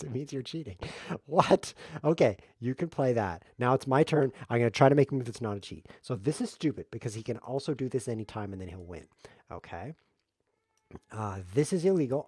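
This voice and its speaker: Man, playful self-mocking chess commentary, lively swooping pitch, dry close mic. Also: breathy edge, no echo. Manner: jokey self-mocking play-by-play, laughs often. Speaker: streamer playing chess variants. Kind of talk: casual live game commentary.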